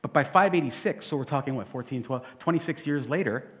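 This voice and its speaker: A man's voice: mid-range voice, fast talker, fairly bright tone. A male pastor delivers an emphatic, conversational sermon and keeps asking the room rhetorical questions. His voice carries a long hall reverb that trails after each phrase. The audio is dull and muffled, as if from a lo-fi church recording. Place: church sanctuary.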